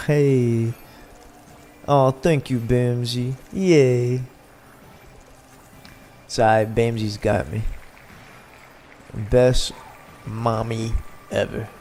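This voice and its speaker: Hosting a casual gaming stream, a man chats with his viewers as he plays, relaxed and unhurried. He speaks extremely slowly with frequent pauses, in a warm, medium-pitched, fairly even voice over a little hiss or hum.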